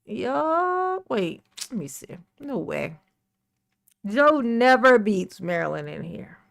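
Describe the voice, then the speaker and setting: A woman's voice: medium pitch, big pitch swings, slow pace, gravelly. A woman hosting a casual livestream, playfully greeting chat viewers by name and breaking into bits of song. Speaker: livestream host.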